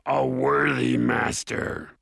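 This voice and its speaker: A man voicing a nervous, fawning male dwarf lord, who flatters slowly in an audiobook. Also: medium pitch, vocal fry, slightly rough, dry recording, studio quality, full character voice. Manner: slow, obsequious and flattering. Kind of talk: audiobook character voice.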